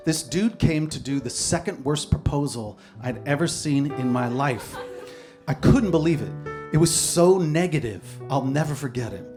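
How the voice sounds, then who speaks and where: A man's voice: a little high, expressive, moderate pace. A man telling a self-mocking comic story on stage, rambling along with bursts of laughter. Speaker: comedian and poet. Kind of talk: live stand-up storytelling. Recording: live stage recording with guitar music. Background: guitar music.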